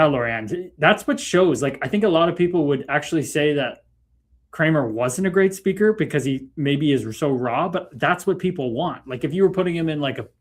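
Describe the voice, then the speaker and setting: Casting: Canadian man, livestream host, relaxed and talkative, slightly higher voice. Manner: laid-back, chatty, laughs often, talks to viewers by name. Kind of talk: casual livestream chat reading comments.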